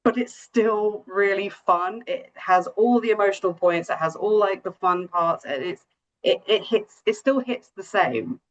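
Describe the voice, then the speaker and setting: A woman's voice: mid-range voice, a little slow, a little hiss or hum. A woman co-hosting a podcast, talking in an eager, chatty way in casual conversation. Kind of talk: casual chat. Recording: dull lo-fi audio.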